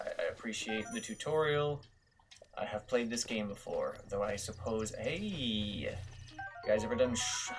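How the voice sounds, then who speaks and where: A young man giving casual, self-mocking gameplay commentary, swearing often. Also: on the low side. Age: young adult. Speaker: gaming video host.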